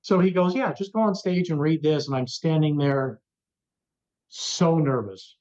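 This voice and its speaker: A man who is a rock radio personality, a guest in a remote interview, telling a story with lively energy and acting out the voices of the people he quotes. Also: on the high side, unhurried, muffled recording. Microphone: remote interview over the internet.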